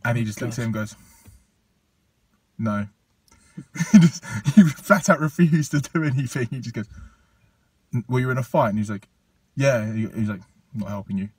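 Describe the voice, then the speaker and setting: A man from Portugal tells a meandering, expletive-laden story, stopping often for ums and quick laughs. His voice is husky and sits close and dry on the mic, at a middle pitch. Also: darkish tone, dry recording, far from the mic. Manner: rambling, sweary, many ums, laughing. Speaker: podcast co-host telling a story. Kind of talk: casual storytelling chat.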